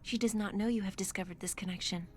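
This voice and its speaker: A woman voicing a robotic, measured anchor program. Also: mid-range voice, steady tone, close to an everyday voice. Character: calm, robotic female news anchor program. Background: game music.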